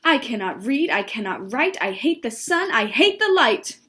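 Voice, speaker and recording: A woman voicing a grumpy female mole who complains loudly about the sun in a read-aloud storybook. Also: on the high side, very animated, moderate pace, slight background noise, voice pushed up. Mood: cranky.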